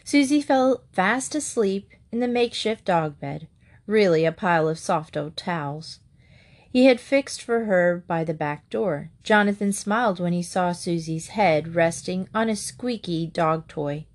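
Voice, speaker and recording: A woman reading a children's storybook aloud, gently voicing the characters as she goes. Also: on the low side, expressive, a little slow. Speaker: storybook reader.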